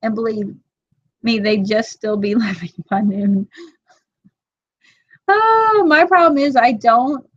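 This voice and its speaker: A woman in her thirties chatting casually to her live-stream viewers, animated and quick to act out her own side of a story. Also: fairly high pitch, dry recording, dull audio. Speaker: vlog host reading live chat.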